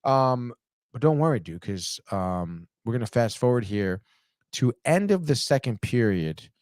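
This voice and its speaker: A man hosting a sports podcast, breaking down game highlights in an excitable, profane way and saying "dude" constantly. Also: a little slow, no room sound, studio quality.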